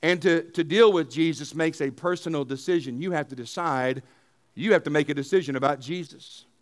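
A man, a pastor, preaching emphatically, asking rhetorical questions and dropping to quiet asides. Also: fairly high pitch, fairly quick. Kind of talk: sermon.

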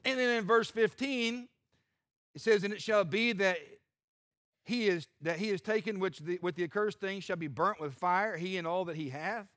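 A male pastor preaching a sermon, animated and breaking into humorous asides. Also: sits high, normal speed, dry recording.

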